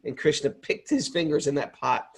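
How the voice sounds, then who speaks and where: A man hosting a spiritual talk, telling a story in an animated, earnest way. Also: a little high, normal speed, creaky, slightly rough. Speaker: host. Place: home in upstate New York.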